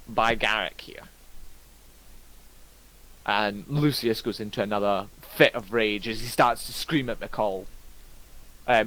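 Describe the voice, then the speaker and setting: A man narrating as game master in a relaxed way, with frequent ums. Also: on the low side, low-quality recording. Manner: relaxed, with many ums and kinda.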